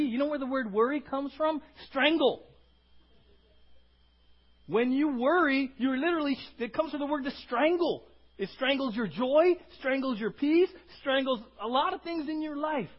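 A man's voice: sits high, lo-fi sound. A man preaching a conversational sermon as pastor, asking the congregation questions and tagging lines with "right?". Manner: asks the congregation questions, with frequent "right?" tags.

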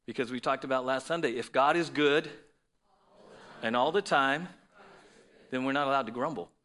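Bright-voiced male pastor preaching. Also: mid-range voice, moderate pace. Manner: conversational preaching, frequent "right?" asides. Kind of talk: sermon.

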